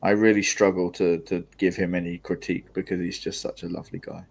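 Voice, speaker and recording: A man's voice: low voice, level tone, fairly quick, gravelly, husky. A young man, co-hosting a live football watchalong and chatting casually, often laughing. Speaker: podcast co-host. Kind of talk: live match watchalong commentary.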